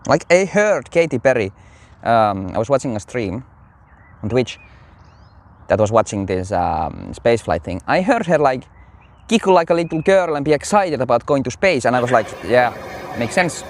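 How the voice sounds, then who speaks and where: A man's voice: mid-range voice, very animated, moderate pace. A man giving casual, rambling religious commentary with many fillers.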